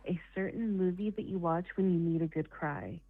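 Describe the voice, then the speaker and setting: A woman's voice: on the low side, moderate pace. A woman calling in to a live show, chatty and laughing between remarks. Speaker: caller. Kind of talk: casual chat. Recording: tinny phone-like call line.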